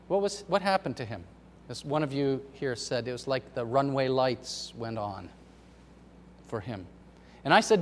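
A middle-aged man, a pastor, preaching a sermon in a storytelling way, swinging between loud emphasis and soft asides. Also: mid-range voice, moderate pace, a little hiss or hum. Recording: long hall reverb.

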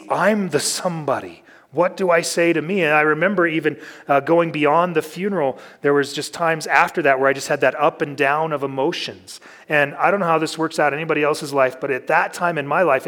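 A man's voice: on the high side, fairly bright tone. A man, a pastor, giving a conversational sermon, telling personal stories candidly and with self-deprecating humor.

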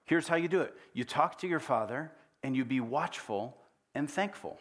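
A man's voice: medium pitch, lively intonation, moderate pace. A middle-aged man preaching a sermon in a church, conversational and often putting questions to the congregation. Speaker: pastor.

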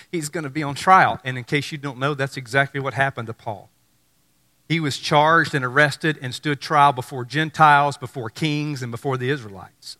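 Animated preacher man in a reverberant hall. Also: medium pitch. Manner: animated, acts out biblical dialogue in excited voices. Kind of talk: sermon.

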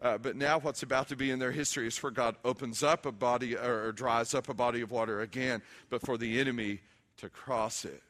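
A middle-aged man preaching a sermon, animated and emphatic, mixing humor with scripture. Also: mid-range voice, a little fast. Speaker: pastor.

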